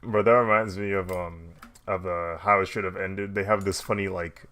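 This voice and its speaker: A man's voice: low voice, fairly even intonation, normal speed, bright, forceful tone. A man chatting casually while he draws, laid-back, with mumbled asides and frequent laughs. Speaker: digital artist streaming. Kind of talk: casual chat while drawing.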